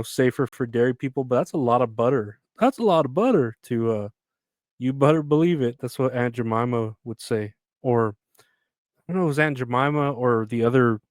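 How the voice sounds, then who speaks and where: A man's voice: medium pitch, clean tone, no echo. Rambling, crude-joking male podcast host. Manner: rambling, crude offhand jokes. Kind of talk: casual solo comedy podcast.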